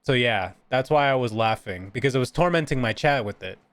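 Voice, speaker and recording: A man's voice: mid-range voice, expressive, brisk, a bit bright, dry recording. Giggly, rambling male art streamer. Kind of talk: casual live-stream chat.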